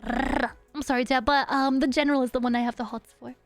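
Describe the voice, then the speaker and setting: A virtual streamer with a high, steady voice races through casual chat with her live viewers, bubbly and silly, humming nonsense syllables between remarks. The recording is dry, with faint music behind her.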